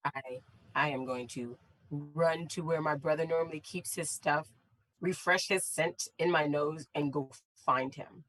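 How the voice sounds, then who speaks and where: A player describes their character's actions in a tabletop game, hesitating and restarting often. The voice sits at a middling pitch. It is recorded dry and close. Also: steady tone, unhurried, fairly bright tone, no room sound, low-quality recording.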